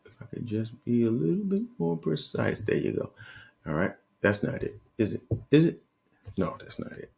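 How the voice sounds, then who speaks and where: A man's voice: mid-range voice, big pitch swings, normal speed, creaky, a little mellow. A man trading forex, thinking aloud as he marks up charts on screen, correcting himself and muttering as he works. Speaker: forex trader analyzing charts. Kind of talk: live screen-share market analysis.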